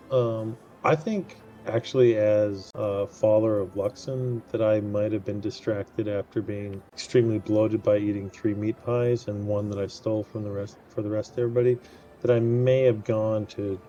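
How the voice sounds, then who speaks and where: A man's voice: fairly low pitch, steady tone, normal speed, mellow, muffled recording. A man talking hesitantly as a player in an online tabletop game, with many fillers.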